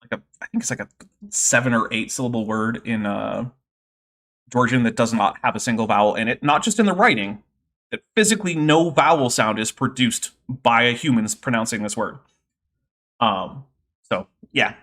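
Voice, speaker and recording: A man's voice: medium pitch, moderate pace, a bit bright. A man hosting a livestream, explaining science in a casual, nerdy way with many fillers. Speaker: host.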